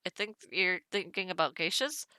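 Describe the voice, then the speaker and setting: A woman's voice: on the low side, animated, normal speed, sharp tone, clear, resonant tone, no echo. A woman streamer giving casual, chatty let's-play commentary. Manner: chatty and amused.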